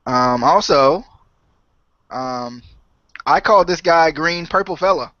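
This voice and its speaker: A man co-hosting a casual podcast chats in a hesitant, jokey, self-deprecating way. His voice is on the high side with a sharp tone, and he takes it slowly. The recording is dry, with dull lo-fi audio.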